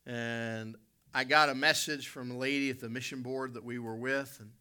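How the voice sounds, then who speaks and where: A middle-aged American preacher from West Virginia tells a personal story in his sermon, addressing the congregation directly and often correcting himself. His mid-range voice is clear and resonant, pushed and bright, with fairly even intonation at a moderate pace.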